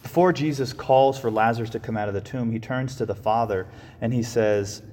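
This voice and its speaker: A man's voice: mid-range voice, fairly quick, darkish tone, long reverb tail. A man giving a reflective sermon, often restarting and repeating his phrases. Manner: reflective, with frequent restarts and repetitions. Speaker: preacher.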